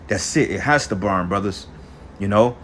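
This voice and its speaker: A man's voice: fairly low pitch, normal speed, a bit bright, slight background noise. A man preaching in an angry, profane rant, reading scripture verses and then commenting on them. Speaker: street preacher.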